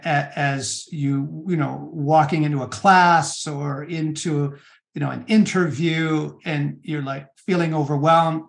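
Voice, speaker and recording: Earnest halting man with a gravelly voice. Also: fairly high pitch, steady tone. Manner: earnest, halting with many restarts and fillers. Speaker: author and interview guest. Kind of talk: conversational interview on spiritual practice.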